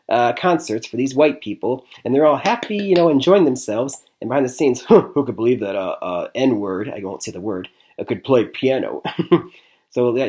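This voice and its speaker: A man from Michigan talks through a movie review in a relaxed, chatty way. He leans on fillers like "I mean" and "like I said," and chuckles between points. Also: medium pitch. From Michigan, USA. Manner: chatty, repeats "I mean" and "like I said", laughs often. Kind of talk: casual spoken movie review.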